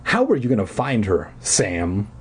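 A man voicing a calm, sensible schoolboy friend in a flat, low delivery. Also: a little slow, a little hiss or hum.

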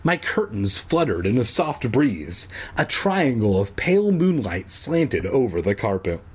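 A man's voice: medium pitch, very animated, a little slow, breathy edge. A man from San Diego casually reading a kids' book aloud, with jokey asides and offhand swearing. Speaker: reader.

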